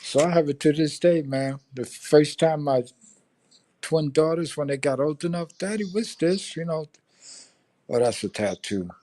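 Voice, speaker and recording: A man's voice: a little high, moderate pace, warm tone, no room sound. An older man swapping crude, laughing army stories in casual chat, acting out the voices of people in them. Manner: profane, laughing, acts out voices in anecdotes. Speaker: veteran telling stories on a live stream. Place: home.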